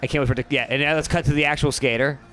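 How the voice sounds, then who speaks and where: A man's voice: medium pitch, steady tone, racing, fairly bright tone, faint music behind. A man co-hosting a podcast, riffing on a movie in crude, joking casual chat. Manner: crude joking, laughs often. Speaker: podcast co-host.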